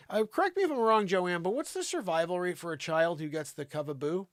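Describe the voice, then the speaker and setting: A man hosting an improvised comedy news show, talking in a mocking, animated way to an imaginary co-host. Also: sits high, a little fast, no room sound, clean studio sound.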